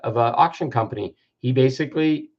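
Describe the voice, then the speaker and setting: Gravelly man in his fifties, lo-fi. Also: mid-range voice, a little fast. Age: 50s. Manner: earnest, acts out quoted voices. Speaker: self-help speaker. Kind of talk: reflective personal-growth talk. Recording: dull lo-fi recording.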